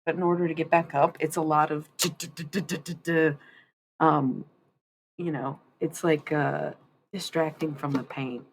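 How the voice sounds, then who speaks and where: A woman's voice: low-pitched, steady tone, normal speed, slight background noise. A woman chatting casually on a live stream, rambling and candid, swearing freely. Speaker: livestreamer.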